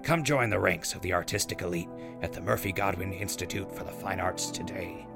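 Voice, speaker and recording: A man playing a wry ghoul radio DJ with a very deep, gravelly voice. He reads the ads in scripted radio patter and drops dry asides. Music plays clearly under the show. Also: brisk. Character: sardonic ghoul radio DJ, male. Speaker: radio host.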